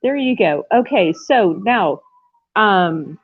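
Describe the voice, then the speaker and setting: A woman's voice: mid-range voice, expressive, slow pace, breathy edge, no echo. A woman hosting a casual livestream from home, rambling and effusive, often breaking into laughter. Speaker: livestream host. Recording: tinny phone-like sound.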